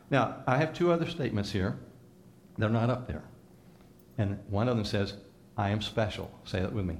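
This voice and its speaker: A man's voice: medium pitch, quick pace. Male pastor preaching a conversational sermon. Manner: leads congregation in call-and-response repetition; conversational, teasing asides to listeners.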